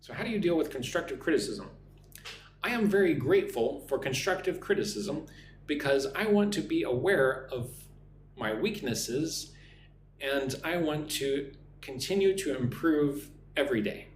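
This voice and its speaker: Lively man teaching English on a live stream. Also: on the high side, normal speed, roomy sound, slight background noise. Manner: lively, reads chat comments aloud and models answers.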